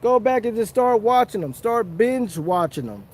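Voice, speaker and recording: High-voiced man chatting on a livestream. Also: big pitch swings, normal speed. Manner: chatty, repetitive, earnest, chuckling. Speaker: fishing livestreamer. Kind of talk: casual live-stream chat. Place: outdoors under a tree.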